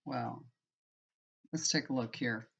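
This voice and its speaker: A woman's voice: rumbling low, takes it slowly, vocal fry, husky. A woman in her fifties, a tarot reader, telling a rambling personal story in a chatty, casual way. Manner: chatty, rambling, frequent "you know". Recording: dull lo-fi recording.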